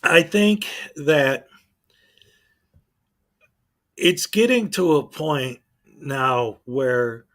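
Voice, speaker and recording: A man with a fairly high speaking voice rants in casual channel commentary. He turns sarcastic and exasperated, with heavy sighs between points. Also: animated, very slow. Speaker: online video commentator.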